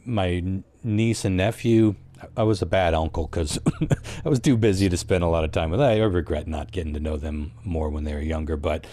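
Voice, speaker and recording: A man's voice: deep voice, normal speed, warm tone. A man co-hosting a podcast, rambling in casual chat, swearing and joking along. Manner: rambling and chatty, swears, chimes in with jokes. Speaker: podcast co-host.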